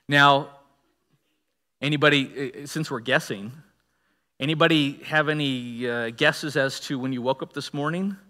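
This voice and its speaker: A man preaches a sermon in a church auditorium, his voice bright and a touch high. He talks in a relaxed, conversational way but leans hard on key words and drops asides to the room. A long reverb from the hall trails behind him. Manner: conversational, animated preaching with emphatic stresses and asides. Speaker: pastor.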